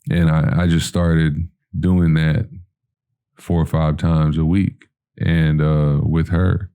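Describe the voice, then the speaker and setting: A podcast guest with an extremely low, level, mellow and clean voice speaks slowly as he tells a long personal story. He rambles casually, leaning on fillers like "you know" and "like," and acts out what people said to him.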